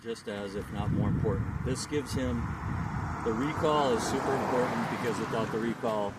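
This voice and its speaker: A man's voice: mid-range voice, normal speed. A man working as a dog trainer, explaining in a casual, instructive way and giving short commands to a dog outdoors. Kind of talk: hands-on dog training lesson. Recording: distant mic with loud outdoor noise.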